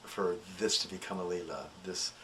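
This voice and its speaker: Man, low voice, personal storyteller, animated then hushed, faint ambient noise. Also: moderate pace. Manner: animated, laughing, acts out voices when excited; soft, hushed and reflective. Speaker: devotee recounting a story.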